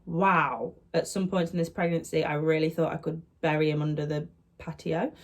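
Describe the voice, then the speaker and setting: A young woman vlogger tells a personal story to camera in a casual, chatty way, animatedly retelling events and acting out quotes. Her voice is low-pitched and moves at a normal speed.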